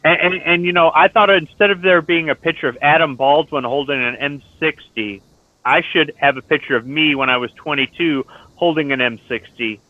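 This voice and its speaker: This is a man's voice on the high side, keeping a moderate pace with no echo. He's a middle-aged Marine veteran telling blunt, foul-mouthed stories in an online lobby, and the voice chat sounds tinny, like a phone.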